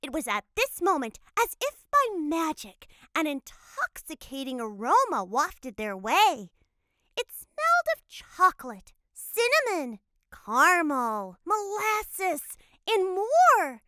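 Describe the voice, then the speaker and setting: A woman's voice: extremely high pitch, huge pitch swings, takes it slowly, bright, forceful tone, dry recording, clean studio sound, exaggerated voice. A woman voicing a cheerful cat mother who narrates a cartoon storybook in a playful way.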